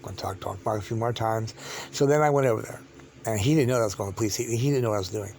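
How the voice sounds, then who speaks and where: A man telling a long personal story as a vlogger, halting and repetitive, with many restarts and fillers. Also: fairly low pitch, a little mellow, a little hiss or hum.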